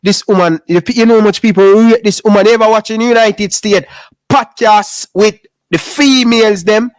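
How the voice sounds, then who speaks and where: A Jamaican man talking sports on a podcast in a high, lively voice. He pushes his points hard and keeps saying "brother." The sound is dry and close, with no room around it. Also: moderate pace, dry recording. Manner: animated, repeats "brother" often. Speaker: podcast co-host. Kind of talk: heated casual sports chat.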